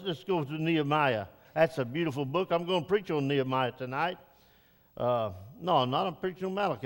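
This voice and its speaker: An older male pastor delivers a rambling, folksy sermon that swells into emphatic urging. His voice sits high and rings smooth and resonant. The sound carries a long reverb from the church hall. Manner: folksy, rambling preacher who builds to emphatic exhortation. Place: church sanctuary.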